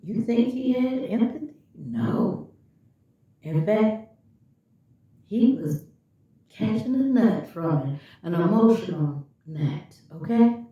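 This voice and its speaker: A woman's voice: mid-range voice, animated, slow pace, long pauses. A woman vlogger telling a personal story and speaking directly and emphatically to her viewers. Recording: echoey room, far from the mic, dull lo-fi.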